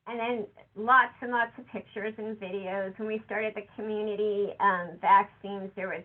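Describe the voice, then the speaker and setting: A woman's voice: normal speed, hardly any pauses. A woman giving a conversational conference talk, acting out quotes from other people. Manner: conversational, quotes others with lively shifts in pitch. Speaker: conference speaker. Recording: tinny phone-like audio.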